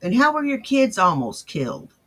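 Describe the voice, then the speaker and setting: A man's voice: high voice, wildly swooping pitch, moderate pace, bright, forceful tone. A man commenting on a clip in a blunt, scornful way, swearing casually. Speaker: commentator reacting to clips. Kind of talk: reaction commentary.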